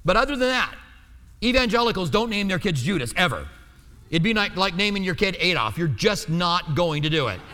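A man with a notably high voice delivers a teaching sermon. He keeps it conversational and often checks in with the room. His words ring out with a long reverb in a church hall. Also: big pitch swings, brisk, bright, forceful tone. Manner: conversational, asks the listeners to check in. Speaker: preacher.

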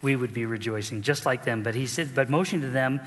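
A man's voice: mid-range voice, quick pace, big-room sound. A middle-aged man preaching a sermon as pastor, telling the story with animation and acting out the people in it.

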